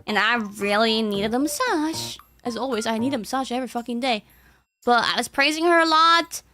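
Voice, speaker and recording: A woman's voice: on the high side, fairly quick, sharp tone, faint music behind. A young woman streamer in casual chat, rambling with lots of fillers and frequent giggles.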